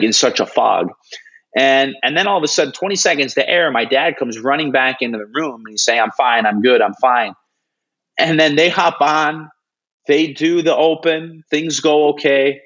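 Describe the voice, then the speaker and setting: A man's voice: mid-range voice, highs cut off. A young man, a hockey broadcast analyst, telling a story in an interview, earnest, with restarts and fillers, acting out what people said. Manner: animated storytelling, acting out quoted lines.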